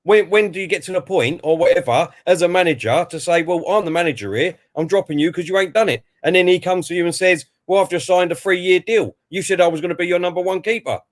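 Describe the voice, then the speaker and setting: A fairly high-voiced man talks through a football match as it happens. He reads out messages from viewers and then answers them in a chatty, easygoing way. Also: fast talker, few pauses. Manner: chatty, reads out chat messages and then gives his view. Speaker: co-host of a football watch-along stream. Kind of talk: live match commentary and reading viewer comments.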